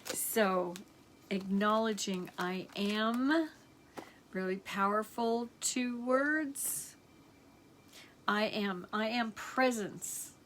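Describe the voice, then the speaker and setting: A woman teaching energy healing, slowly reading out affirmations in a gentle, unhurried way with many pauses. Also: medium pitch, a little hiss or hum. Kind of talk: slow guided healing affirmations.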